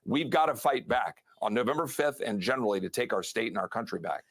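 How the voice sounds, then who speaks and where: A man, a congressman, speaking in a televised interview with forceful campaign rhetoric. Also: mid-range voice, lively intonation, fast talker, vocal fry, no room sound.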